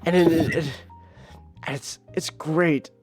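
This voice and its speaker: A podcast host in casual, rambling comic-review chat, animated and swearing freely, leaning on filler words. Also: medium pitch, takes it slowly, soft background music.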